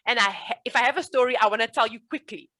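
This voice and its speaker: A woman coaching a client one-on-one, earnest and reassuring, often stopping to promise something is true. Her voice sits a little higher than most women's. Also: fast, pushed and bright. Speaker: speech coach.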